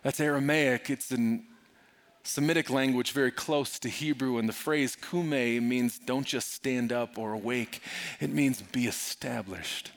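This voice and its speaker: A middle-aged man preaching a sermon, moving from soft, confiding talk to loud, urgent preaching. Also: mid-range voice, a little slow. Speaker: pastor.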